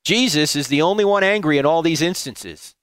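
Emphatic man preaching with lively pitch. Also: a little fast, clear, resonant tone, no echo. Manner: emphatic, with high mocking voices for quoted objectors. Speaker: apologetics speaker. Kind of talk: preaching talk.

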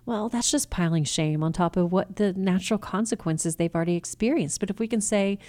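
A woman's voice: medium pitch, lively intonation, fairly quick, mellow. A woman giving a faith-based teaching talk on family communication, earnest and coaching, acting out example phrases. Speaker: Christian family communication speaker.

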